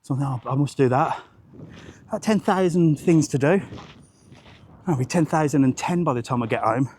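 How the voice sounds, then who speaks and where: A man's voice: on the high side, normal speed, darkish tone, a little hiss or hum. A man, chatting rambling and jokey on a live walking vlog outdoors, swearing casually, into a handheld phone. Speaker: travel vlogger.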